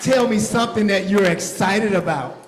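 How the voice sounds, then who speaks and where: A man playing a cheerful, excitable grapevine mascot who playfully quizzes and teases a crowd of children in a church hall. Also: sits high, moderate pace, loud music behind the voice, close to an everyday voice. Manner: playful, teasing, quizzing kids. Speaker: costumed character at kids' Bible school.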